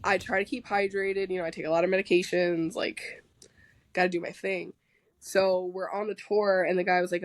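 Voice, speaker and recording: A woman's voice: on the low side, little pitch movement, normal speed, no room sound, low-quality recording. A woman as a podcast guest in casual chat, talking candidly with lots of fillers and restarts, swearing freely and joking as she goes. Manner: rambling with many fillers and restarts.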